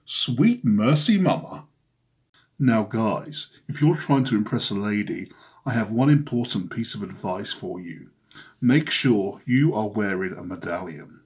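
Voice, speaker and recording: A man's voice: fairly low pitch, breathy edge, full character voice. A man playing a smug self-styled ladies' man who talks with slick, boastful charm in a comedy sketch.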